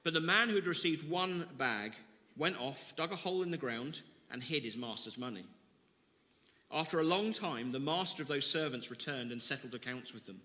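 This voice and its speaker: A man's voice: fairly high pitch, animated, normal speed, sharp tone, big-room sound. A man preaching a sermon, reading scripture with dramatic emphasis and then explaining it conversationally. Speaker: pastor.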